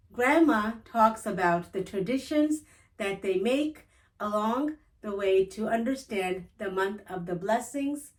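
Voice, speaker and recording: A woman reading a children's picture book aloud in a gentle, clear storytelling manner, hosting her own storytime. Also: mid-range voice. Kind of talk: children's read-aloud narration.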